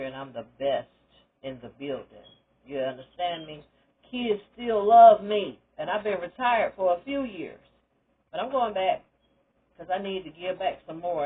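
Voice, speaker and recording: Older lady with a husky voice, talking straight and emphatic about her life, tinny phone-like sound. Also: medium pitch. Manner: candid, emphatic, preacherly encouragement. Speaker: retired teacher sharing her story. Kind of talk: personal testimony monologue.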